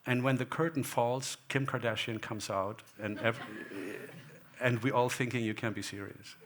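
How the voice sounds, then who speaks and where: A man's voice: mid-range voice, steady tone, unhurried, fairly bright tone, slight background noise. A man, a guest photographer on stage, talking in a rambling, anecdotal way and acting out remembered exchanges. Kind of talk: onstage talk. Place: gallery hall before an audience.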